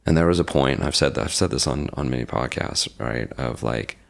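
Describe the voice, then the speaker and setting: A man in his forties with a very deep, gravelly voice, talking as a guest in a casual interview. He tells his story with energy and acts out what other people said. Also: fairly quick. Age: 40s. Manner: animated storyteller acting out quoted dialogue. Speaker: podcast guest. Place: lives in Reno.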